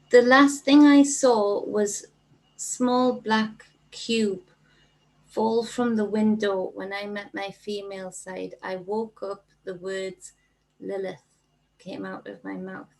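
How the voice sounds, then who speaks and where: A woman's voice: medium pitch, little pitch movement, takes it slowly, poor audio. A middle-aged woman with a Geordie accent hosting a casual livestream as a spiritual coach, reading out viewer comments and greeting people by name in an affectionate, chatty way. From North East England.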